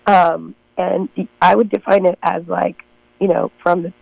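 A woman guest on a radio talk show with a hoarse voice she has partly lost, speaking earnestly with many pauses and repeats. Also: fairly low pitch, flat delivery, a little mellow, dry recording, low-quality recording. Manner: earnest, lots of ums and repetitions. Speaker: guest, former campaign manager. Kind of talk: casual interview.

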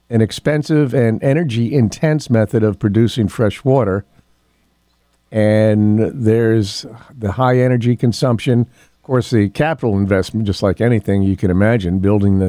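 An older man hosting a local radio talk show, rambling in a folksy way with ums and frequent throat clearing. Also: lowish voice, mellow, no echo, studio quality. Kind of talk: casual talk radio monologue. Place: radio studio.

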